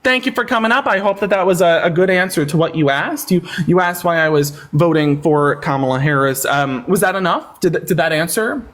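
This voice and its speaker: A man's voice: on the high side, a little fast, few pauses, fairly bright tone. A man hosting a live-stream debate, sarcastic and taunting with callers, thanking viewers in casual chat. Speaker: livestream debate host.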